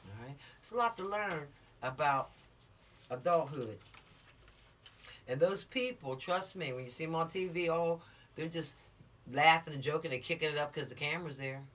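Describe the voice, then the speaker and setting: A woman's voice: deep voice, moderate pace, distant mic. A woman instructor giving an emphatic, lecturing lesson on the law to teenagers, addressing them directly and urging them to stay out of trouble. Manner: lively and showy. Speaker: teen law-literacy instructor.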